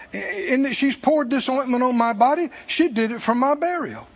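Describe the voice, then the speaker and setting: A man's voice: extremely high pitch, expressive, normal speed, breathy edge, dull audio. A man preaching a sermon as pastor, emphatic and repetitive in a church.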